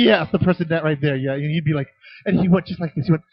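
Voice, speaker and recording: A middle-aged man giving a conference teaching session on children's ministry, telling stories with acted-out voices and shifting loudness. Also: fairly high pitch, fast talker, husky, no room sound, dull audio. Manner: animated storytelling with acted-out voices.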